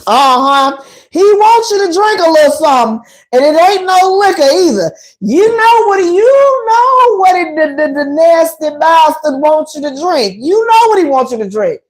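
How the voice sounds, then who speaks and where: A woman hosting a radio show, talking frankly and colloquially to her listeners with a sassy, animated, preachy delivery and dramatic emphasis. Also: high-pitched, moderate pace. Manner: colloquial, addresses listeners directly. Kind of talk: frank relationship talk to a live audience.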